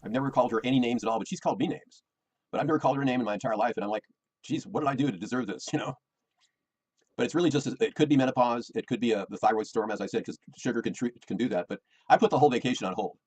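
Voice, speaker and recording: A man's voice: mid-range voice, rapid-fire, a little mellow, slightly rough, low-quality recording. A middle-aged American man, rambling and defensive, repeating himself as he complains about his personal life. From United States.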